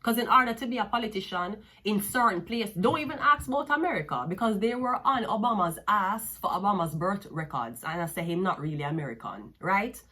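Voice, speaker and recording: Bright, profane Jamaican woman reading tarot. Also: medium pitch, expressive, a little fast, few pauses, breathy edge. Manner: profane, mocking and sassy, with frequent laughs. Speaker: tarot card reader.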